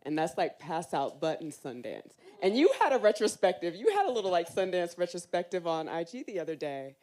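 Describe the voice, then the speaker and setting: A woman talks on a panel in a low, deep voice that swings widely in pitch. She is chatty and jokes easily. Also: brisk. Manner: animated, joking and chatty. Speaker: actress on a panel. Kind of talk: casual panel chat.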